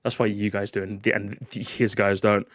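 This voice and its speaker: A man streaming a reaction, joking sarcastically and swinging between loud outbursts and muttered asides. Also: lowish voice, little pitch movement, measured pace. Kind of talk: casual live-stream reaction.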